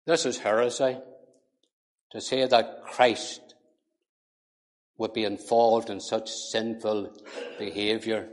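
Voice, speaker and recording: A man preaching a sermon, slow and deliberate, swinging between quiet low passages and loud forceful emphasis. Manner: emphatic, rising to forceful peaks then dropping low. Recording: long hall reverb.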